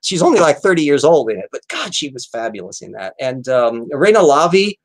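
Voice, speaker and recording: A man's voice: mid-range voice, sing-song, brisk, rough recording. A man hosting an aftershow, chatting casually and rambling about old films with many fillers and restarts. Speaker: host.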